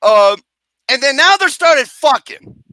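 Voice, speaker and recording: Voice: high voice, lively intonation, slow pace, pushed and bright, dry recording. A film reviewer ranting profanely and acting out scenes with mock wails and singing.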